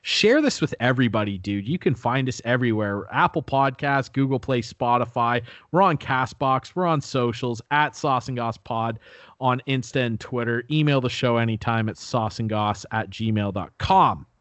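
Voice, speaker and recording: A man's voice: medium pitch, moderate pace, a bit bright, dry recording. A young man co-hosting a podcast, rambling through a story in casual chat. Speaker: podcast co-host.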